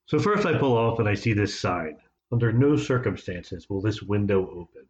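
A man's voice: lowish voice, moderate pace. A man co-hosting a casual podcast, telling a long story and mimicking the people in it. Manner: animated storyteller, mimics voices in anecdotes. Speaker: podcast co-host. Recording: echoey room, slightly dull sound, faint noise.

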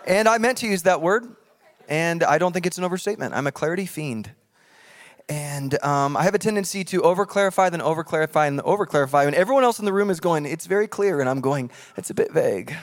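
A man preaching a sermon in a church, animated and jokey, acting out voices from scripture. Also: fairly high pitch, quick pace. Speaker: pastor. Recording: long hall reverb.

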